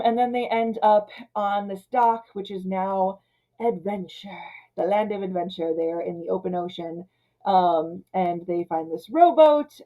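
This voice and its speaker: A woman in her thirties casually ranting about an old film, retelling scenes and slipping into quick character voices. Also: lowish voice, phone-quality sound. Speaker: film commentator. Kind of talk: casual movie rant.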